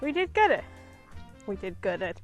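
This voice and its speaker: A woman's voice: mid-range voice, big pitch swings, measured pace, loud music behind the voice. A woman vlogging casually while hiking outdoors on a hillside trail, a little out of breath, chatty and chuckling as she talks to her dog, recorded on a handheld pocket camera. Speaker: travel vlogger.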